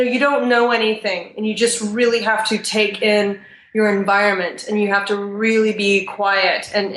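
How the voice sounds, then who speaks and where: A woman from Texas, a podcast interview guest, talking in a chatty, animated way with frequent ums. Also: mid-range voice, roomy sound. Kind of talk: casual conversational interview.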